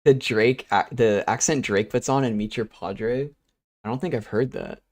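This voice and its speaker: A man's voice: medium pitch, normal speed, no echo, clean studio sound. A young man streaming, chatting casually and rambling while he works, with easygoing talk and casual swearing. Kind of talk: casual chat while working.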